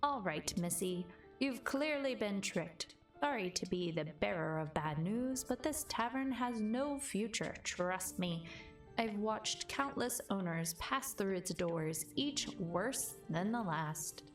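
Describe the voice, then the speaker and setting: Lady reading out a snooty old guardian cat, slow and scornful, kinda far off with faint music. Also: medium pitch, animated. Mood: grudging. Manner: haughty, scornful. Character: grumpy male magic cat, ancient tavern guardian.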